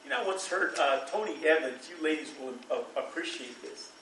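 A man's voice: a little high, expressive, brisk, a bit bright, echoey room, distant mic, a little hiss or hum, rough recording. A middle-aged man preaching a sermon to a church congregation, in a loose, conversational way, with fillers and bursts of laughter. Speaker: pastor.

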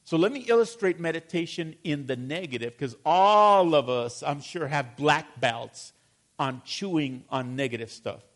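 Give me a man preaching a sermon in call-and-response style, with a higher-than-usual voice. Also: lively intonation, a little slow, a bit bright. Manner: call-and-response, keeps asking the congregation questions; drops to a low mutter on repeated verses. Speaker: pastor.

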